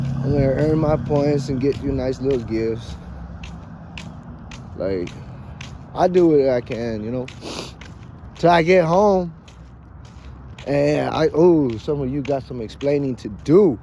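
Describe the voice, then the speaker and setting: A man's voice: mid-range voice, warm tone, muffled recording, slight background noise. A man talking in a casual, profane, rambling vlog monologue, emphatic and dramatic with joking asides, recorded outdoors. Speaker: vlogger.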